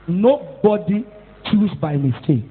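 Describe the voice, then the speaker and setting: A Nigerian-accented woman pastor preaching a scolding, animated sermon, mixing in Pidgin and Yoruba and rising to shouts at times. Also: mid-range voice, slow pace, slight background noise. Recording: tinny phone-like echoey hall.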